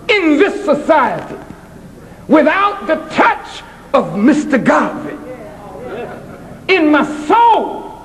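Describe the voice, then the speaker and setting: High-pitched man from boston giving a fiery speech, slow and deliberate, punching words. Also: in a large hall, rough recording. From Boston, United States. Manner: emphatic, preacherly, rising to shouts. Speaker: speaker at a college address. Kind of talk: impassioned public address. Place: college auditorium.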